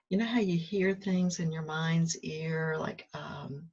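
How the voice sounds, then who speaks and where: A woman's voice: low voice, steady tone, slow, hardly any pauses. A woman talks candidly in a casual, reflective monologue, joking at her own expense and acting out her inner dialogue. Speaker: spiritual self-help host. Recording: muffled lo-fi recording.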